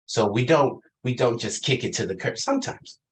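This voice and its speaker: A man's voice: medium pitch, moderate pace, a little hiss or hum, rough recording. A man in his fifties preaching a reflective sermon, asking the congregation questions and laughing lightly between thoughts. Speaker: pastor.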